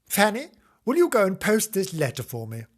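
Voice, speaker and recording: Man doing a prim mum in a comic story reading: stern, proper and slightly raised in pitch. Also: wildly swooping pitch, moderate pace, heavily acted. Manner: prim and scolding.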